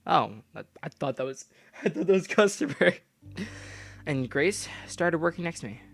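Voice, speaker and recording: A young man reading a game story aloud and breaking off into profane, loud comments. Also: on the high side, lively intonation, normal speed, gravelly. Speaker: gamer reading a visual novel aloud.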